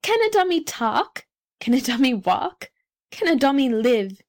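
A woman voicing a cocky young bootblack who argues in rough street grammar. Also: sits high, sing-song, measured pace. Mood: defiant.

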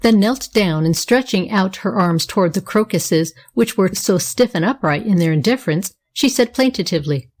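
A woman narrating a children's story in a gentle, even reading manner. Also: medium pitch, normal speed, few pauses.

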